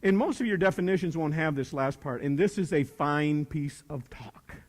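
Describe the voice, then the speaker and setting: An older motivational speaker with a fairly high voice and lively intonation gives a leadership speech to a crowd of students at a moderate pace. Long hall reverb rings behind his emphatic, joking words as he hammers points home with preacher-like repetition.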